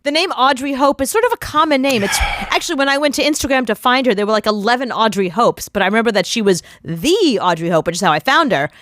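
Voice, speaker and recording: A self-assured woman co-hosting a radio show teases and scolds her partner. Her slightly high voice is lively and bounces in pitch. The studio mic sounds dry and close. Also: fast talker, hardly any pauses, no echo. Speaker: radio co-host and booker. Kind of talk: casual radio banter.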